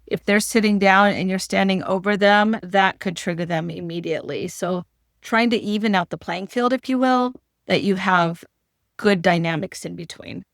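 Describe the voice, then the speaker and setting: A woman guest explains workplace leadership in a calm, practical way. Her pitch sits at an ordinary middle level. The recording is dry and close, with no room sound. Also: normal speed, no echo. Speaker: podcast guest, leadership expert. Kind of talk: advice-giving interview talk.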